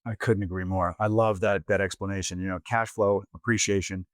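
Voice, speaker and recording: Male podcast host, low and upbeat, dry mic. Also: fairly even intonation, a little fast, no echo. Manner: agreeable and enthusiastic. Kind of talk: interview chat.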